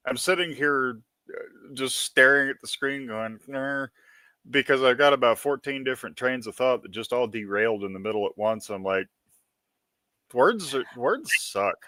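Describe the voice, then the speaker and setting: A man's voice: medium pitch, normal speed, pushed and bright, no room sound. A man as a podcast guest, musing aloud in a thoughtful, self-doubting way that trails off and restarts. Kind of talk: casual podcast chat.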